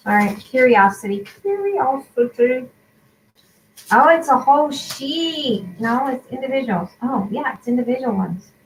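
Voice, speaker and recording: A woman whose first language is Spanish, chatting excitedly with viewers while she hosts a crafting livestream. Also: fairly high pitch. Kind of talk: casual live-stream chat. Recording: echoey room, faint background noise.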